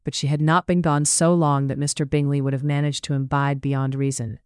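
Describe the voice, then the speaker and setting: An audiobook narrator telling a period romance in a measured, even read. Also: medium pitch, clear, resonant tone, no echo, studio quality.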